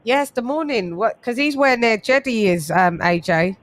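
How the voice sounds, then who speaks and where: A woman's voice: a little high, lively intonation, moderate pace. A woman hosting a casual boxing livestream, chatting with guests and greeting viewers from the chat. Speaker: host.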